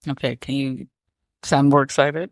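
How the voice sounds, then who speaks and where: A woman's voice: a bass voice, little pitch movement, measured pace, dry recording. A woman hosting a casual podcast, teasing her co-host and laughing often. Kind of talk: casual chat.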